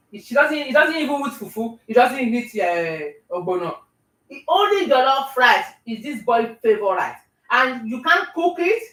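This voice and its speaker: A woman's voice: fairly high pitch, a bit bright. An older Nigerian woman with a Nigerian accent, host of a live cooking show, lecturing and joking as she chats and laughs often. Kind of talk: casual chat while cooking live. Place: home kitchen. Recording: roomy, distant from the mic.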